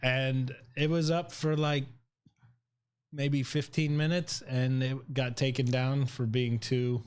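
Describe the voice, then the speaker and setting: A man who is a comedian, a guest in a casual studio chat, laid-back and quick to laugh. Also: mid-range voice, little pitch movement, darkish tone, smooth. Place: local studio.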